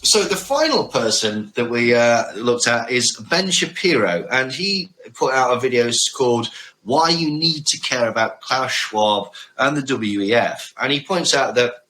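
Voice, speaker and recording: Guy hosting a podcast, swoopy expressive pitch, dry sarcastic asides, bright edge. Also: measured pace, rough recording. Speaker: podcast co-host. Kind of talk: casual podcast chat.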